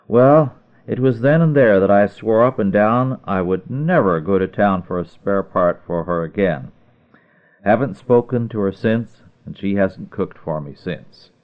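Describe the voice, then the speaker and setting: A man's voice: lowish voice, natural voice. A man reading as a grumbling farm husband. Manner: aggrieved, complaining. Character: grumbling rural husband, middle-aged man. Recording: narrow phone-like sound.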